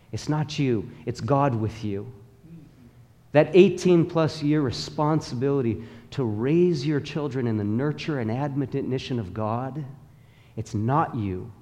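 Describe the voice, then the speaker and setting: This is a man with a warm, mid-range voice preaching to his congregation in a church sanctuary. He leans on rhythmic, emphatic repetition and asks listeners to say lines back to him, all echoing with the long reverb of a big hall.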